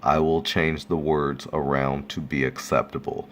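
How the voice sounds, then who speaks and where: A man casually reading folk tales aloud, relaxed and chuckling at his own jokes. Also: extremely low pitch, unhurried, slight background noise. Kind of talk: casual read-aloud storytelling.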